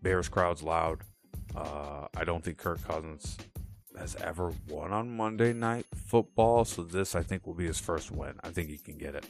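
A man's voice: low-pitched, normal speed, soft background music. A man hosting a solo sports podcast, running through picks with punchy, jokey asides. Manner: animated, punchy pick announcements with jokey asides. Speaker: podcast host.

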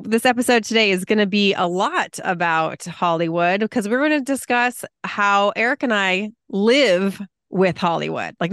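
A woman co-hosting a podcast in casual chat, talkative and quick to laugh. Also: medium pitch, fairly bright tone, clear, resonant tone, dry recording, studio quality. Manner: chatty, laughs often, quick asides. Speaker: podcast co-host.

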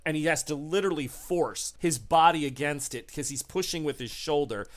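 A man running a tabletop horror game as game master, narrating scenes in an unhurried, descriptive way. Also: fairly high pitch. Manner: unhurried, descriptive, laughs with players.

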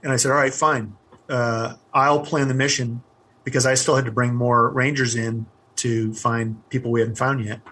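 A middle-aged man, a former army helicopter pilot, telling his story in an interview, candid and halting with many fillers. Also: medium pitch, level tone, pushed and bright, breathy edge.

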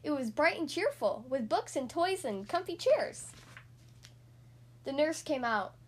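A woman with a high, lively voice reads a children's storybook aloud for her podcast. She takes it slowly and talks warmly to her young listeners. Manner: friendly, addresses listeners as guys. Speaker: podcast host reading to kids.

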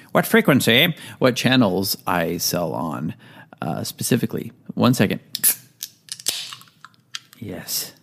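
A man hosting a podcast in a casual monologue, rambling with goofy jokes and asides. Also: lowish voice. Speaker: podcast host.

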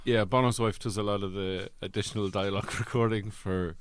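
Male co-host, low voice, relaxed wry delivery, dry close sound. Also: a little fast, clear, resonant tone, no room sound. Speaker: podcast co-host. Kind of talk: comedic podcast chat.

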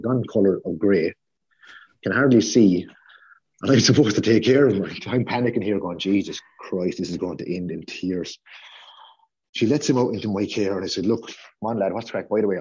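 A deep-voiced man rattles through a pub story at speed, his tone dark and a little husky. He swears freely and acts out the other people's lines. The audio is slightly muffled, like a home podcast recording. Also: no echo. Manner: lively, swearing storyteller acting out quotes. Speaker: podcast guest, football fan. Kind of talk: casual anecdote telling.

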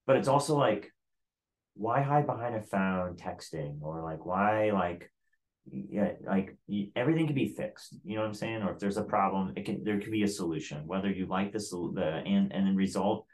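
A man's voice: deep voice, normal speed, a little mellow. A man telling a story in casual chat, blunt and profane, with lots of "like" in his talk.

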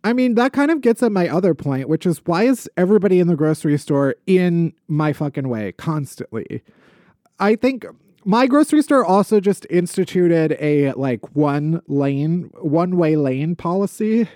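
A man co-hosting a podcast, venting about daily irritations with comic exasperation. His pitch leaps around expressively. The sound is dry and close, with no room echo. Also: moderate pace. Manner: animated ranting complaints. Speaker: podcast co-host. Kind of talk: comedic casual chat. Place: podcast studio.

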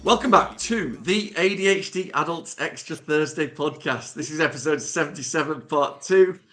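A man's voice: a little high, normal speed, a bit bright, soft background music. A man hosting a casual podcast, playful and self-mocking as he reads listener letters aloud. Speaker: podcast host.

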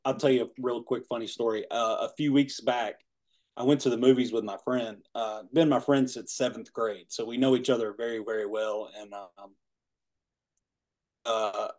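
A man's voice: mid-range voice, a little mellow. A man in his forties telling a rambling personal story in casual chat, laughing often and saying "man" and "you know". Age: 40s. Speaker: guest.

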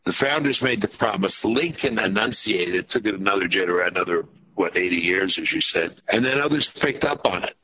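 A male host draws his guest out with short prompts and agreement. His voice is low-pitched but forceful and bright. There is a faint hiss of noise in the background. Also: expressive, a little fast, rough recording. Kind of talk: interview conversation.

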